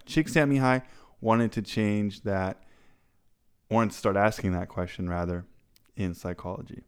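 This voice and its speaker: A man's voice: low-pitched, normal speed, smooth. A man co-hosting a podcast, chatty and playful while explaining background. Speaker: podcast co-host. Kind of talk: casual podcast chat.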